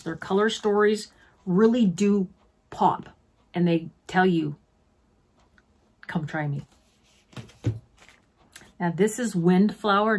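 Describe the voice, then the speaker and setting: A woman's voice: mid-range voice, husky. A middle-aged woman chatting casually as a beauty vlogger, gushing to her viewers like friends while unboxing at home.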